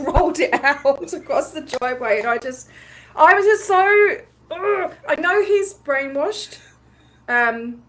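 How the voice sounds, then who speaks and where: A woman with a somewhat high voice tells a story to her livestream audience in a loose, chatty way. She is animated and laughs often, scattering ums and likes through her speech. She slips into other people's voices as she quotes them. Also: slow pace, slight background noise. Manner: acts out other people's lines while retelling. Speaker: livestream host recounting a protest. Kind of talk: casual storytelling.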